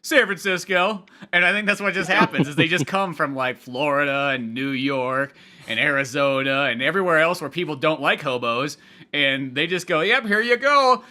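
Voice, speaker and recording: A man guesting on a podcast, telling stories in an animated way, laughing often and swearing. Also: a little high, moderate pace. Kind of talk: casual podcast chat.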